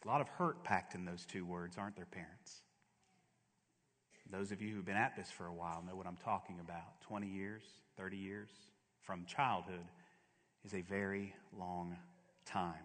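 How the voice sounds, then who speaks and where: A man preaching a sermon as a pastor, with dramatic delivery that swings from loud to hushed. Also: deep voice, fairly even intonation, normal speed. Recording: long reverb of a large hall.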